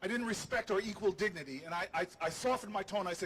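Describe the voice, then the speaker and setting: High-voiced man telling a jokey story. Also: fast, hardly any pauses, a little hiss or hum, poor audio. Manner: animated, jokey, self-deprecating. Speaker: politician hosting a livestream. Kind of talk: humorous storytelling speech. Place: outdoors on building steps.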